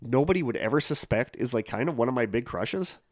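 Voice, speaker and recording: A congested, tired man co-hosts a podcast in loose, casual chat. His voice sits at a middle pitch, and the recording is close and dry, with no room sound. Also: lively intonation, a little fast, no echo. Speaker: podcast co-host.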